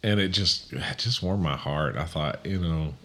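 Man, pastor, very deep voice, excitable casual chat. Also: moderate pace. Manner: animated, rises in pitch when excited. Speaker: pastor and podcast co-host.

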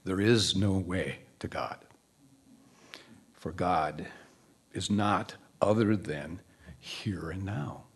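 A man voicing a patient, wise old male rabbi in a slow, hushed, low voice. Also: slightly rough, heavily acted. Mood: calm.

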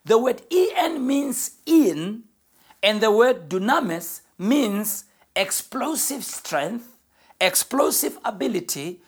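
A woman pastor preaching a sermon in an earnest, emphatic way, slowing down to stress key phrases. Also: fairly high pitch, sing-song, breathy edge.

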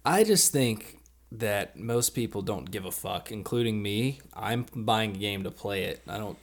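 A man's voice: lowish voice, a little slow. A man co-hosting a podcast in casual comedic chat, making provocative half-joking takes. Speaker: podcast co-host.

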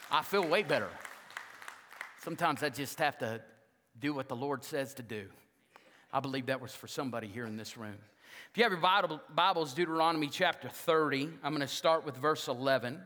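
A male pastor preaching a sermon in a church, rousing the congregation, then dropping to a hushed, intimate tone. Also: mid-range voice, a little fast, big-room sound, some chatter behind. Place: church sanctuary.

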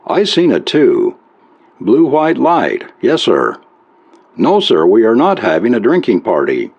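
A man voicing a stern, blunt male state trooper in a read-aloud story, gruff and official. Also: medium pitch, huge pitch swings, unhurried, darkish tone, pitched above the performer's own voice, exaggerated voice. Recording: dull lo-fi recording.

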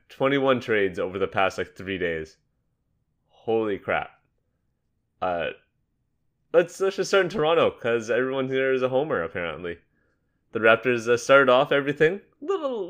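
A young man hosting a casual sports podcast, upbeat and joking, quick to laugh. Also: medium pitch, fairly bright tone. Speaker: podcast host. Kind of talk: casual basketball podcast chat.

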